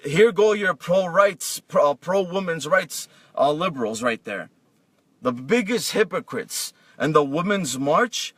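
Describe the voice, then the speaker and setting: Man, aggressive political rant, stumbling restarts, somewhat high voice, dry sound set back from the mic. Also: fairly bright tone, dry recording, recorded from a distance. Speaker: political vlogger.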